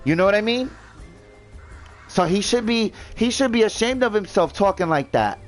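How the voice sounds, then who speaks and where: High-voiced man ranting over gameplay. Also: animated, moderate pace, faint music behind, low-quality recording. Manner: indignant, swearing, repeats himself. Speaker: gaming vlogger. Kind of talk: ranting commentary.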